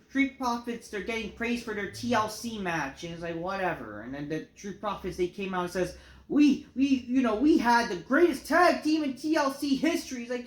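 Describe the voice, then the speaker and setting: A woman's voice: mid-range voice, fairly bright tone. A woman ranting through a wrestling show review, exasperated and full of swearing. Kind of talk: solo review rant. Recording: roomy echo.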